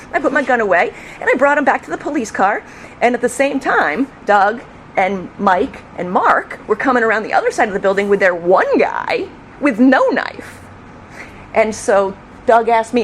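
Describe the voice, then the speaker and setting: A middle-aged woman tells an animated story in an interview, her pitch bouncing up and down. She acts out the shouts with real energy. A faint noise sits under the recording. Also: brisk. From New York State. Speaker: retired police officer telling a story.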